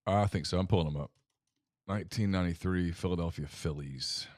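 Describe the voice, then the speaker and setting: A man co-hosting a sports talk show, reading sponsor ads and chatting in a relaxed way, with fillers. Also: deep voice, brisk, dry recording, studio quality. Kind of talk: live ad reads and casual chat.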